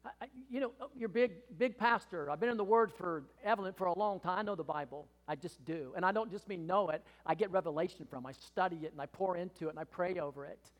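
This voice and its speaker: Older pastor preaching in a reverberant hall. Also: male voice, high voice, quick pace, hardly any pauses. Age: 60s. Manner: earnest, emphatic, rising to impassioned pleading. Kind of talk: sermon. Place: church hall.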